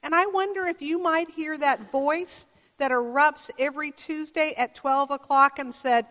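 A woman pastor delivers a measured, reflective sermon, posing questions to her congregation. Her voice sits a little high and her pace is unhurried. The church around her adds a long, lingering reverb. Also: fairly even intonation, fairly bright tone. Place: church sanctuary.

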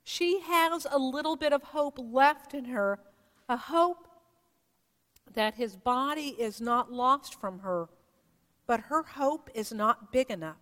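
A woman pastor preaching a sermon in a church, telling the story slowly and reflectively with dramatic pauses. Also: high voice, expressive, a bit bright. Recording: long reverb of a large hall.

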